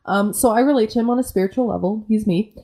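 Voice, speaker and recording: A woman's voice: mid-range voice, quick pace, dark tone. A woman guest on a casual podcast chat, joking and self-deprecating, often acting out her own reactions in quotes.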